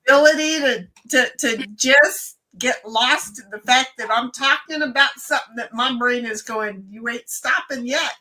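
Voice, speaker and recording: A woman hosts a relaxed live-stream chat and tells stories with plenty of flair. Her voice sits high, bright and sharp, and she jumps into other people's voices to act out each scene. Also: moderate pace, few pauses. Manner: animated storyteller who acts out other voices. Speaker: stream host.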